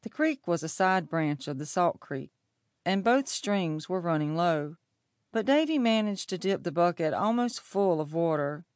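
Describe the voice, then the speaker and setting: A woman narrating a storybook in a measured, steady reading voice. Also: lowish voice, no echo, studio quality. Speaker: audiobook narrator.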